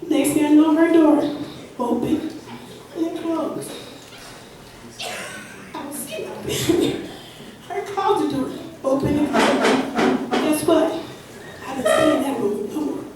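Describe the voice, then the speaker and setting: A woman's voice: sits high, slow, pauses often, heavy background noise. A woman doing stand-up at an open mic, telling stories loosely with spooky sound effects and her own laughter. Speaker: stand-up comic. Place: comedy club stage. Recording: echoey club recording from far off. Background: audience laughter.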